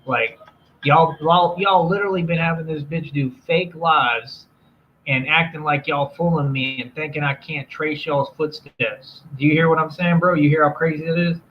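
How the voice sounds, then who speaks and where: A man's voice: on the high side, steady tone, moderate pace, slight background noise. Brash profane man ranting on a livestream. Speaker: livestream host. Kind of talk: casual livestream chat. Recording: dull lo-fi stream audio with music.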